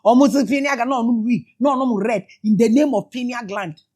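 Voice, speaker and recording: A Ghanaian woman giving emotional spiritual commentary, shouting exclamations and switching between English and Twi. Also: on the high side, brisk, husky. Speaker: spiritual teacher.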